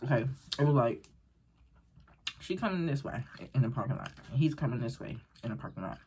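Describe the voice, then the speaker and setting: A woman vlogger casually telling a story while eating, animated and rambling, acting out the voices of people she quotes. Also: very deep voice, a little fast, a little hiss or hum. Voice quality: very breathy, husky.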